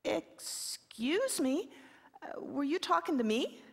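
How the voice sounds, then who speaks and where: A woman's voice: high voice, sing-song, takes it slowly, creaky, pitched above the performer's own voice, exaggerated voice. A woman voicing a puzzled old man who questions and defends himself in a sermon story. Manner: bewildered, questioning. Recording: reverberant hall.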